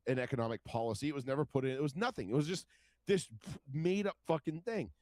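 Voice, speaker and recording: A man co-hosting a casual podcast chat, talking in an animated, profane, rambling way. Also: mid-range voice, fast, dry recording. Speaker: podcast co-host.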